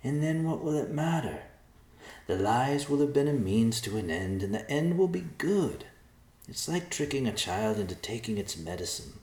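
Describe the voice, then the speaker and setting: A man voicing a frail, fatherly old man who speaks calmly and soothingly. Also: medium pitch, slow pace, reverberant, pitched above the performer's own voice, heavily acted. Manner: calm, soothing.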